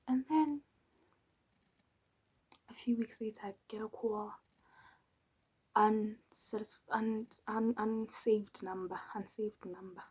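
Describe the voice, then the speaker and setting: A woman's voice: medium pitch, measured pace, pauses often, dark tone, husky, poor audio. A young woman telling a story in a casual, drawling way, mocking and exasperated, her voice often trailing into whispers. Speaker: channel host.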